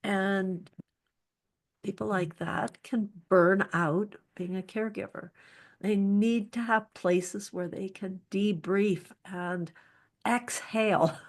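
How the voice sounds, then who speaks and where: A woman's voice: mid-range voice, steady tone, takes it slowly. A woman speaker giving earnest, practical advice on psychological safety, often restarting her sentences.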